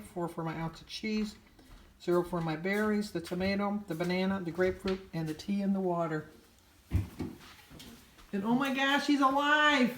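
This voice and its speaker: An older woman, a grandmother, chatting casually in her daily vlog and telling stories with frequent laughs. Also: fairly low pitch. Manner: chatty storytelling, laughs often. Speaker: vlogger.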